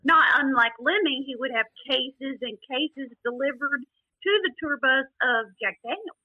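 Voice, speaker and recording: A woman's voice: high voice, moderate pace, no room sound, phone-quality sound. A woman from Texas, a book author and podcast guest, telling backstage stories in a chatty way with frequent laughs and many "you know"s. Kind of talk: casual storytelling interview.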